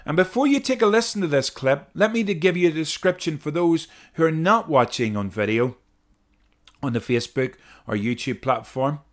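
A man with a fairly high, animated voice talks at a moderate pace. Hosting a Christian podcast, he earnestly explains clips and reads scripture, repeating key phrases for emphasis.

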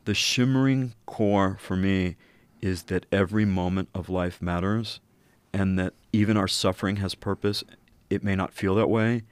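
A middle-aged man telling a personal story in an earnest, reflective way, slowing down at key moments. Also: low voice, steady tone, smooth, no room sound. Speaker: interview guest.

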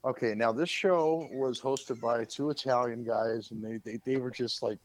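Man telling lively anecdotes. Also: mid-range voice, normal speed. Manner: lively anecdote-teller, acts out quotes. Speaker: publicist. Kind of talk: casual storytelling on a podcast.

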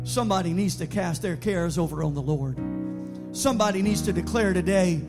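High-voiced man preaching over music. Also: normal speed. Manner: emphatic, builds to shouted declarations. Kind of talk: sermon. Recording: sermon over background music.

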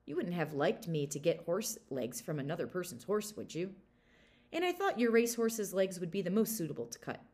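A woman's voice: fairly low pitch, very animated, a little fast, a little mellow. A woman voicing a cheeky, mock-innocent young servant boy in a storybook reading. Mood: sly. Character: sly, cheeky young male servant lad.

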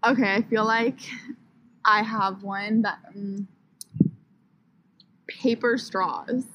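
A woman guest on a podcast, chatting in a giggly, animated way, outdoors in a park. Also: mid-range voice, slow, a little hiss or hum, low-quality recording. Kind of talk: casual chat. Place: outdoors in a park, on a grassy slope.

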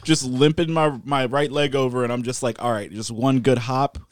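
A man's voice: medium pitch, fairly even intonation, normal speed, no room sound, studio quality. A man co-hosting a podcast, telling a rambling story while laughing a lot and swearing. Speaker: podcast co-host. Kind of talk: casual chat.

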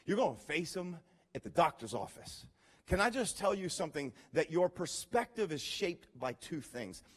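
A man preaching a sermon to his congregation, swinging from quiet, earnest passages to loud, dramatic storytelling and direct appeals. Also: fairly high pitch, big pitch swings, normal speed, husky. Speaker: pastor.

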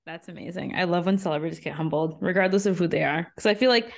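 A woman's voice: on the low side, fast, creaky. A young woman co-hosting a podcast, chatting casually and giggling, with lots of filler words. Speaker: podcast co-host. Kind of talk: casual chat.

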